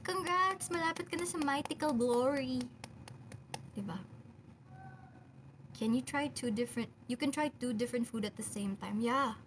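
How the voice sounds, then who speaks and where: A young Filipino-accented woman talks into her phone on a casual livestream, reading out comments and answering with easy laughter. Her voice sits a little high, with faint room noise behind her. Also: normal speed, long pauses. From Philippines. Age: young adult. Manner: reads viewer comments aloud and answers them chattily, laughs often. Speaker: idol group member on a livestream. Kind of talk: casual livestream chat, mixing English and Filipino.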